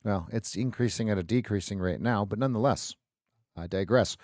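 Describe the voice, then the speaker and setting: A man's voice: fairly low pitch, brisk, a little mellow, dry recording. A man hosts a live trading session and reads off price levels. He repeats numbers and restarts mid-sentence. The sound is dry and close, with no room around it. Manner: repetitive, thinks aloud with restarts. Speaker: trading stream host. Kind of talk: live market commentary.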